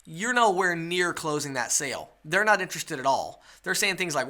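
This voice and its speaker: A man's voice: fairly high pitch, animated, moderate pace, hardly any pauses, pushed and bright. A man teaching a webinar sales lesson, coaching his listeners and checking in with rhetorical questions. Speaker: sales trainer.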